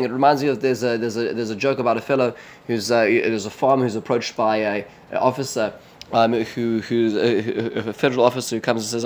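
A man teaching a text study lesson, reading verses aloud and translating them, halting and often repeating and restarting his words. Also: mid-range voice, fairly even intonation. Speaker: religious teacher.

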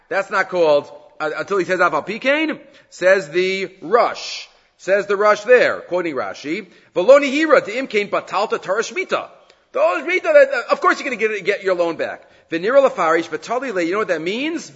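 A man teaching a Talmud class, lively and acting out the voices of the people in each case. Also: sits high. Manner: animated, acts out quoted speakers, mixes Hebrew and Aramaic terms. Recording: muffled audio in a hall with long reverb.

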